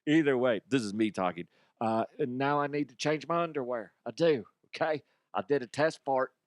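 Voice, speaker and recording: A man's voice: mid-range voice, normal speed, dry recording, studio quality. A man hosting a comedy podcast, rambling and self-mocking with crude jokes while a little sick with the flu. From Colorado. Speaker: podcast host. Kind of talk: rambling comic monologue.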